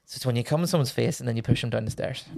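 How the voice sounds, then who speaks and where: A man's voice: mid-range voice, very fast, vocal fry, darkish tone. A man with a Northern Irish accent, a podcast guest chatting in a rambling, jokey way and swearing casually.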